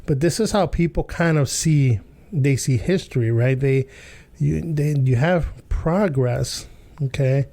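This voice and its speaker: A man's voice: medium pitch, unhurried, warm tone. A man hosting a podcast, telling a childhood story and commenting in a casual, rambling way with many fillers, restarts and chuckles. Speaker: podcast host.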